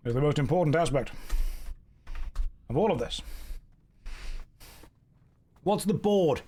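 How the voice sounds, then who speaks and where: Joking British streamer man, slightly high voice. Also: lively intonation, takes it slowly, pauses often, warm tone, breathy edge, soft background music. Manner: joking, reads viewer chat aloud and riffs on it. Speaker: game streamer. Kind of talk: casual live-stream chat.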